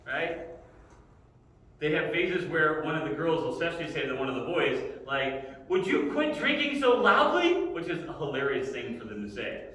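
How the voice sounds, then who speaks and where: A middle-aged man with a medium-pitched, slightly bright voice speaks at a moderate pace, teaching a casual Bible lesson like a Sunday school teacher and often tossing in "right?" The recording has an echoey hall sound with the mic placed far away.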